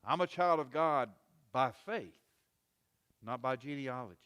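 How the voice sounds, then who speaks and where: Folksy preacher in a reverberant church. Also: male voice, mid-range voice, animated, measured pace, a bit bright, clean tone. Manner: folksy, repetitive, rising to emphatic quoted rebukes. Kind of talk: sermon. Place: church sanctuary.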